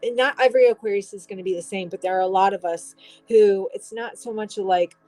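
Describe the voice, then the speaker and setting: A woman's voice: mid-range voice, fairly quick, a little mellow, low-quality recording. Lady doing a tarot reading, talks in loops and swears casually, faint music behind. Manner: rambling, swears casually, restarts often. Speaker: tarot reader.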